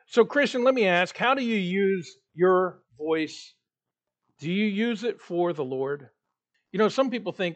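A man preaching a sermon in a church, delivering it with rising emphasis and pauses. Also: sits high, animated, dull audio. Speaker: pastor.

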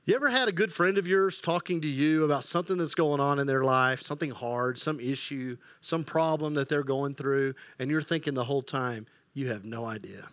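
A man's voice: on the high side, a little fast, hardly any pauses, a bit bright, no room sound, studio quality. A male pastor preaching a conversational sermon, often asking his listeners questions. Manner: conversational, asks the audience questions.

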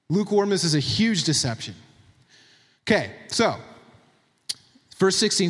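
Man, preacher, sermon, emphatic scripture reading, bright high voice, lively pitch. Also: brisk. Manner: animated, emphatic, reads scripture aloud and comments on it; drops to a quiet, low voice for tender points. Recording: long hall reverb.

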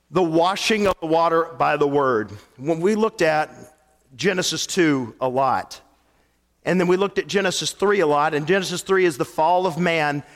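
A man preaching a sermon as pastor, telling stories and moving between hushed lines and animated ones. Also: high-pitched. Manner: storytelling, swings from hushed to animated. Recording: long hall reverb.

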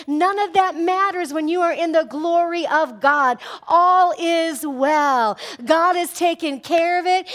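A woman pastor preaching with a high, bright-toned voice. She exhorts her listeners, tossing in call-and-response asides and playfully voicing everyday people. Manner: acts out congregation voices in quoted asides. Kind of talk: sermon.

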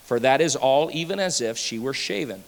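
A pastor preaching a sermon, animated and playful, swinging between loud passages and hushed asides. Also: male voice, medium pitch, normal speed. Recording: hall reverb.

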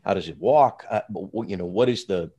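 Male interviewer, enthusiastic, lower voice, halting. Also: warm tone. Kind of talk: interview conversation.

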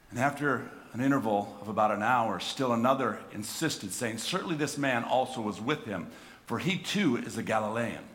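Preaching in a medium-pitched, animated voice at normal speed, this middle-aged pastor swings between quiet reflection and loud, fervent emphasis. He frequently repeats words while restarting his phrases.

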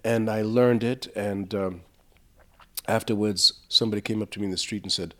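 A man recalling his theater touring days in an interview, storytelling with lively asides and frequent restarts. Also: lowish voice, normal speed. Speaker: interviewed former puppet theater actor.

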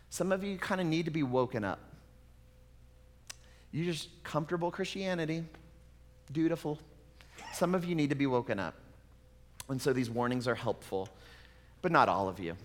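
Man preaching, fairly high voice, casual and conversational, long hall reverb. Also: lively intonation, moderate pace, long pauses, a bit bright. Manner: conversational, with casual asides and fillers. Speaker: pastor. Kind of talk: sermon.

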